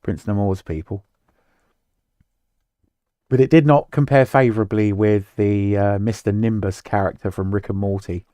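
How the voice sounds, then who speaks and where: Low-voiced man in casual chat. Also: fairly even intonation, normal speed, long pauses, dark tone, clean tone, no echo, studio quality. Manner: rambling, swears casually, trails off mid-sentence. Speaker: podcast co-host.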